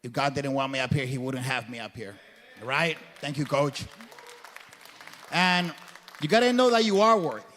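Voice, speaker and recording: A man's voice: mid-range voice, moderate pace, pauses often, a bit bright, a little hiss or hum. A man giving a guest talk to a live crowd, speaking in an earnest, preacher-like way with a colloquial turn of phrase. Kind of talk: motivational faith talk. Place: event hall before a crowd. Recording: long hall reverb.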